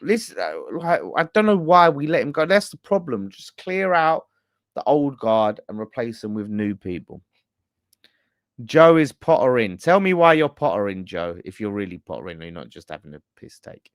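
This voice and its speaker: Blunt, swearing football fan. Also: male voice, medium pitch, moderate pace, no room sound, clean studio sound. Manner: animated, blunt, swearing, laughing rants. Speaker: fan channel host. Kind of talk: casual live-stream fan chat.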